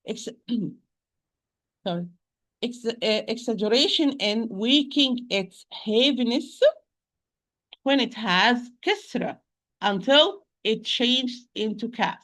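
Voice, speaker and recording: A woman teaching tajweed online, repeating sounds slowly and patiently, with frequent restarts. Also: a little high, a bit bright. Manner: hesitant restarts, addresses listeners as sisters. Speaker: Quran recitation teacher. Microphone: home computer mic on a shaky internet connection.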